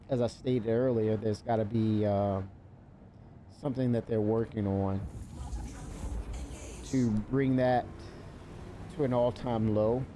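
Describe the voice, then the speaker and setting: Slow-talking, mellow-voiced male streamer. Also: mid-range voice, a little hiss or hum. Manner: loose, swears and laughs at the game. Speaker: livestreamer. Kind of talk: live gameplay stream commentary.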